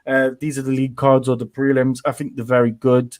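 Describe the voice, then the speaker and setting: A man's voice: medium pitch, monotone, brisk, no echo, studio quality. A man co-hosting a casual sports podcast, weighing options in an analytical way. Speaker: podcast co-host.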